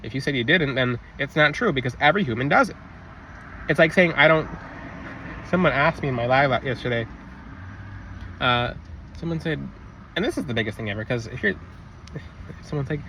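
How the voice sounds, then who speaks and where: A man's voice: mid-range voice, animated, a little fast, long pauses, pushed and bright, a little hiss or hum, low-quality recording. A young man talking casually about faith in a vlog, rambling loosely with lots of fillers and restarts. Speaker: vlogger. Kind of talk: casual spiritual vlog talk.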